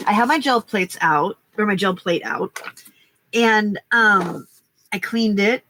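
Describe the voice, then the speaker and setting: A woman's voice: mid-range voice, takes it slowly, bright, forceful tone, slight background noise. An older woman hosting a late-night craft livestream, chatting casually with a stuffy nose, rambling and greeting viewers by name. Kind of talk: casual chat while crafting.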